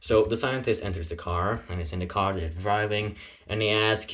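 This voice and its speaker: A man's voice: lowish voice, normal speed, fairly bright tone. A man casually retelling a comic in a rambling, playful way, throwing in sound effects. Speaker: comic narrator.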